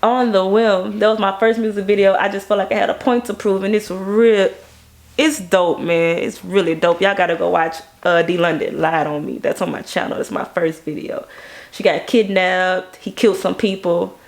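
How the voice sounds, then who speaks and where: A woman, a music video director, telling stories in a casual interview with animated energy. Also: moderate pace, gravelly. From Baton Rouge, Louisiana. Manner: animated, acts out quoted people in a higher voice.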